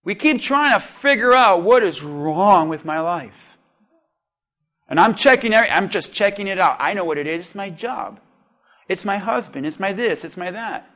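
A man with a strikingly high voice preaches a sermon. He tells an animated personal story and turns to the congregation with questions.

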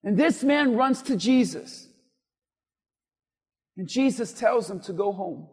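A male pastor delivers a sermon in a strikingly high voice. He hammers home repeated lines in an emphatic cadence that climbs toward near-shouts. The sound rings out with the long reverb of a big sanctuary. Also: breathy edge.

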